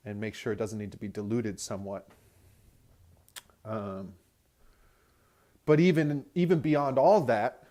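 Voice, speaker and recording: A man's voice: medium pitch, a little mellow. A young man hosting a podcast, ranting in a rambling casual monologue, swearing constantly, recorded in a car while driving. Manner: profane, ranting, heavy swearing. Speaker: podcast host.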